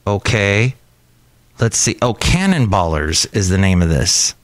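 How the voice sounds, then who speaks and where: A man hosts his own podcast, chatting casually and rambling from one aside to the next in a solo show. His lowish voice is very animated yet measured in pace, with no echo.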